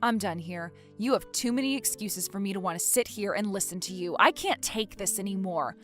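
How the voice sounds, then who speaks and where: A woman's voice: mid-range voice, fairly quick, fairly bright tone, faint music behind, close to an everyday voice. A woman playing a fed-up, exasperated wife in a dramatized story, talking indignantly. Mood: frustrated.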